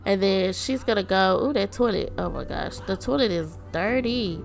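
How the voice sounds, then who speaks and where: A woman hosting a gaming channel, narrating a life-simulation game in casual commentary, chatty and animated and laughing often as she talks to her viewers. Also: mid-range voice, moderate pace, creaky, slight background noise. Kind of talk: casual let's-play commentary.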